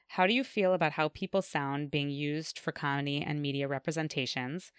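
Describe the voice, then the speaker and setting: A woman leading a casual discussion, speaking in an emphatic, animated way and reading out questions. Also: sits low, clear, resonant tone, no echo, clean studio sound.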